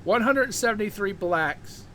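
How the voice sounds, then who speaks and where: Casting: male host with a high voice, cursing through a fired-up rant, tripping over repeated words. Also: lively intonation, measured pace, sharp tone, a little hiss or hum. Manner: heated, profane, repeats words when worked up. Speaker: show host. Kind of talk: profane ranting monologue.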